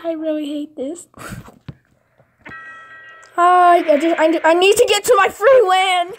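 A woman playing a mobile game, commenting casually and excitably with sudden shrieks and giggles. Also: very high voice, unhurried, pauses often, faint music behind.

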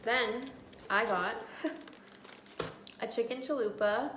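A woman's voice: on the high side, extremely slow, a bit bright. A tired woman vlogging in casual chat, laid-back, swearing freely and trailing off mid-sentence. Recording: echoey room with faint noise.

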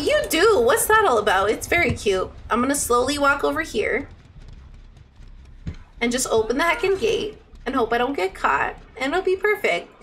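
A woman live-streaming a game, chatting with viewers and shrieking with excitement during tense moments. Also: on the high side, normal speed, a little hiss or hum.

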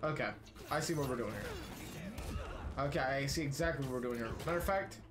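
A man giving cursing, excitable commentary while playing a game. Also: medium pitch, moderate pace. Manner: profane, excitable reactions. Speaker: gamer streamer. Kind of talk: let's play commentary. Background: game music.

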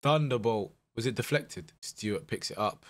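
Playing a football management game, this young YouTuber narrates as he goes, his mood swinging between mumbled worry and loud bursts of joy. His pitch is fairly low and his pace moderate.

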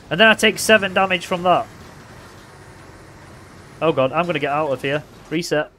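High-voiced excitable gamer. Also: male voice, a little hiss or hum. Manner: playful, excitable trash talk, bursts of shouting. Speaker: gaming commentator. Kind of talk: casual gameplay commentary.

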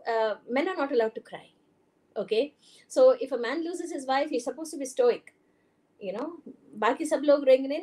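A woman's voice: high-pitched, dark tone. A woman doctor from India with an Indian English accent, giving a conversational conference talk with many fillers and some Hindi phrases. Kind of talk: lecture presentation. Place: conference hall.

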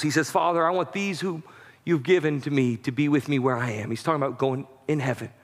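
A man preaching a sermon as pastor, with impassioned delivery that rises to shouting at its peaks. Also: fairly high pitch, a little fast. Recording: long hall reverb.

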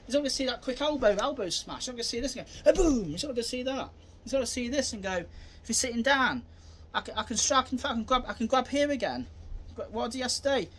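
A man's voice: very high-pitched, expressive, quick pace, a bit bright. A man, a self-defence instructor, talking casually through a demonstration in a rambling, repetitive way.

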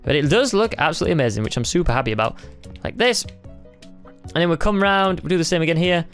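A young man chatting excitably as he narrates a timed building game, thinking aloud in a casual commentary style. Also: a little high, fast, faint music behind. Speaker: gaming YouTuber.

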